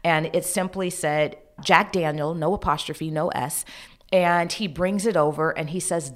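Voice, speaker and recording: A woman's voice: deep voice, unhurried. A woman interviewed as a guest, telling a story with energy and acting out the people she quotes. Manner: lively storyteller who acts out quoted dialogue.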